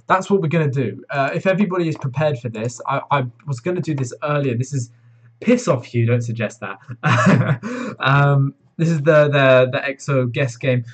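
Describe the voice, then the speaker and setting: A teenage male live streamer from Wales, chatting casually and teasing his chat with lots of swearing. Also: a little high. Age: teens.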